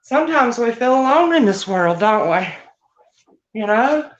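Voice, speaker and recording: A woman's voice: a little high, animated, a little slow. A woman chatting folksily with viewers while she cleans at home, a little out of breath. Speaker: vlogger. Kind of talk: casual live-stream chat while cleaning. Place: home, indoors. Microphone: phone set down while she moves around. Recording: roomy, dull phone audio.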